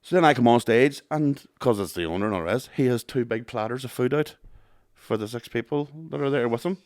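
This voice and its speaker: A man's voice: medium pitch, a little fast, no echo, studio quality. A man, a podcast co-host and comedian, telling sweary gig stories in casual chat. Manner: sweary, animated storyteller.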